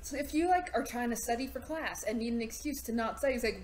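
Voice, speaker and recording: A woman co-hosting a podcast in casual chat, enthusiastic with quick asides. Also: a little high, slight background noise. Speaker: podcast co-host.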